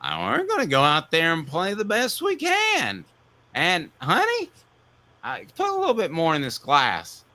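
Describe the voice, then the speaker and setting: A man's voice: fairly high pitch, wildly swooping pitch, unhurried, sharp tone, voice pushed up, heavily acted. A man putting on the voice of a tipsy older football coach answering a fan on a call-in show, slurring his words. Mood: boozy. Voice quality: slurred, folksy.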